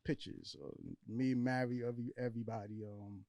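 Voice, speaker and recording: A man's voice: mid-range voice, fairly even intonation, fairly quick, a little mellow, no echo. A man from Brooklyn with a New York accent, telling stories as a podcast guest in a laid-back, slangy way. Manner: laid-back storyteller, street slang like "ill". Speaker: guest filmmaker. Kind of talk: casual interview chat.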